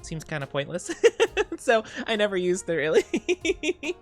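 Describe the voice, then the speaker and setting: A woman's voice: medium pitch, big pitch swings, measured pace, faint music behind. Giggly woman streamer with a scratchy voice. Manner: giggly, rambling, playful. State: slightly scratchy voice. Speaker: VTuber streamer. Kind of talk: casual live-stream chat, reading chat.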